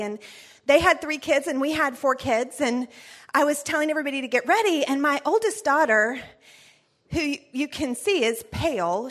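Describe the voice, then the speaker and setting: High, lively woman telling a story. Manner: chatty, animated, laughs often. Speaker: church parenting class speaker. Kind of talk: storytelling talk.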